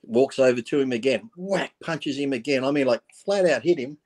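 A man appearing as a guest on a live stream chats casually, bluntly, and with plenty of profanity, telling stories and acting out quotes. His voice is medium-pitched with a somewhat dark tone, at a normal pace.

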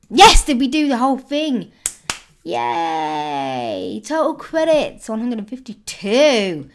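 A woman commenting on her own gameplay, exclaiming and squealing at every surprise. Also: medium pitch. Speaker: gaming YouTuber. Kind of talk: excited let's-play commentary.

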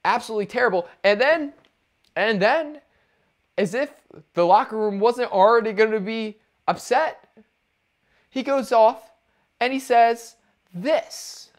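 A man's voice: very high voice, a little slow, pauses often. A man co-hosting a sports podcast, ranting in casual talk with lots of restarts. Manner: animated ranting, many restarts and fillers. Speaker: podcast co-host.

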